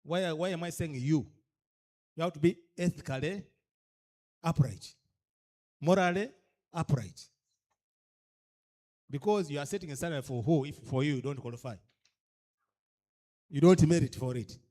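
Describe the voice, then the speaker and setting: At a cultural leaders' orientation, a man with a Ugandan accent trains his audience in a somewhat high, dark-toned voice at normal speed, leaving long pauses. Emphatic, he keeps challenging them with rhetorical questions and moves between English and a local language.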